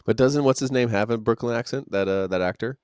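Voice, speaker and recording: A man's voice: mid-range voice, fast talker, a little mellow, clear, resonant tone, no echo, clean studio sound. A man in a casual podcast chat, talking in a laid-back, musing way.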